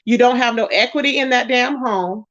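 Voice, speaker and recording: The voice is a woman's, fairly high and a bit bright, at normal speed, recorded with no echo and dull audio. She hosts a casual gossip commentary stream on YouTube, sassy and blunt, scolding people, greeting viewers by name, and often saying "child, okay?".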